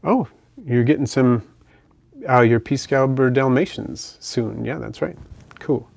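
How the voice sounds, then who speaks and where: A man hosting a pet channel livestream, casually reading viewer comments in a relaxed, chatty way and softly cooing to his pet bird. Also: mid-range voice, measured pace, vocal fry, no room sound.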